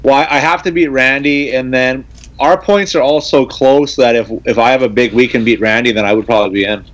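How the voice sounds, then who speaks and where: A man in casual podcast chat, talking in a measured, slightly hesitant way. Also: medium pitch.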